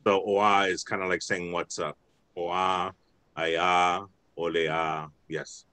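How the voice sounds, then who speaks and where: A man's voice: sits low, little pitch movement, takes it slowly, bright, forceful tone, clear, resonant tone, dry recording. A man teaching an online language class over a video call, patient and thinking aloud with many restarts.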